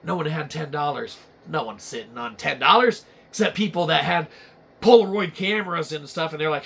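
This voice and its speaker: A man's voice: on the high side, lively intonation, fairly quick, vocal fry, fairly bright tone, slightly rough. A man hosting a comedy show, ranting crudely and rambling with lots of swearing. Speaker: show host. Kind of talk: profane comedic rant.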